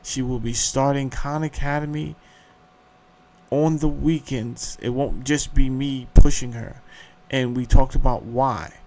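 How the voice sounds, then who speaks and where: A man's voice: mid-range voice, fairly even intonation, measured pace, a little mellow. A middle-aged man hosting a show, ranting in a heated, profane monologue. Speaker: show host.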